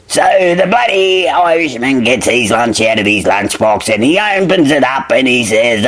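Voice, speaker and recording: A man's voice: medium pitch, very animated, moderate pace, hardly any pauses, a bit bright. A drunk Australian man rambling through a crude joke, swearing freely and losing his place. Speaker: comedy podcast joke teller.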